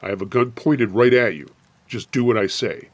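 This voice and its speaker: A man doing a gruff threatening robber. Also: mid-range voice, normal speed, lightly acted. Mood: menacing. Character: menacing male robber threatening campers.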